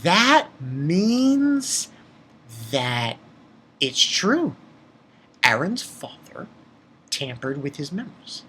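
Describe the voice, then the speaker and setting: A man casually reviewing a manga chapter, excitable, swearing freely and reading scenes aloud. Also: fairly high pitch, very slow, pauses often, a little hiss or hum.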